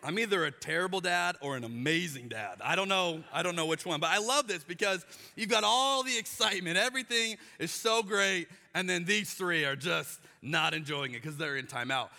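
Male pastor, thirties, lively sermon delivery with acted-out asides; bright tense tone, recorded live in a reverberant church hall. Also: sits high, normal speed, creaky. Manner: animated storytelling, acts out voices with exaggerated emphasis.

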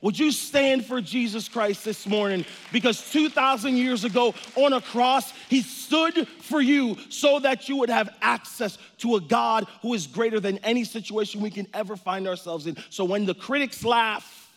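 High-voiced man preaching in a reverberant hall. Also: normal speed, few pauses, slight background noise. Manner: swings between loud preaching and quiet intense passages. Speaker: pastor. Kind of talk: sermon.

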